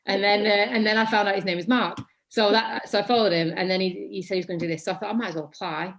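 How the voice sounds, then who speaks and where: There's a little hiss or hum as a Mancunian woman in her thirties races through a casual interview chat in a mid-range voice. The English guest actor rambles and corrects herself, and says her voice tends to be monotonous.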